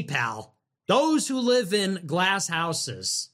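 Animated, high-voiced man ranting on stream. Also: drawn-out words. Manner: animated, sarcastic, mocking. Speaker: livestream host. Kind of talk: livestream commentary rant.

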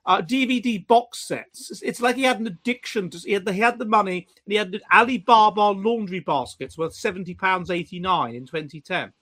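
A man co-hosting a casual chat, animated and mocking, with frequent stammering restarts. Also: high voice, a little fast, hardly any pauses. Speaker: podcast co-host.

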